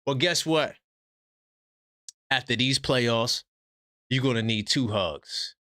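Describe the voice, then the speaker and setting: A man's voice: mid-range voice, slow, bright, forceful tone, no echo, studio quality. A man hosting a live sports call-in stream, ranting and mocking rivals in a brash, trash-talking way. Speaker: sports talk stream host.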